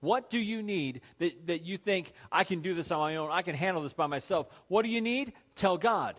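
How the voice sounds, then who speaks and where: A man preaching a sermon as pastor, emphatic, repeating key phrases and slowing down to stress them. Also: high voice, expressive, fairly bright tone, highs cut off.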